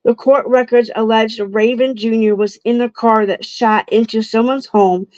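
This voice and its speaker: A woman's voice: on the high side, fairly even intonation, normal speed, a little mellow, no echo. A young adult woman from Ohio commenting casually on true crime cases for her viewers, emotional and indignant, stumbling over words. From Ohio, United States. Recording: dull lo-fi dry sound.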